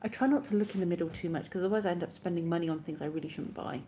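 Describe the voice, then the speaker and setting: A woman with a low-pitched, mellow voice chats casually with viewers on her live stream. She sounds sleepy and keeps yawning, but stays giggly and pokes fun at herself, with a faint hiss of noise behind her. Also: very fast. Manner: chatty, giggly, self-mocking.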